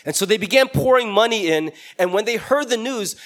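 A man's voice: sits high, expressive, fairly quick, fairly bright tone. A man preaching a sermon as a storyteller, acting out the voices of the people in his story. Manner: storytelling, acts out quoted voices.

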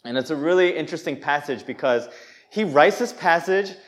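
A man's voice: on the high side, fairly quick. A man preaching a sermon in a church, candid and self-deprecating, acting out quoted voices and laughing at himself. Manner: lively, acts out quoted voices.

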